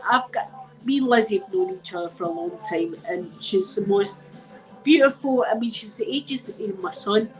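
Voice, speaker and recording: A woman's voice: medium pitch, normal speed, a little mellow, soft background music, low-quality recording. Chatty Scottish woman with a cold. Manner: chatty and emphatic, repeats phrases, uses local words like wee and dead. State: has a cold. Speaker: channel host talking to viewers. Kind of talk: casual chat with live viewers.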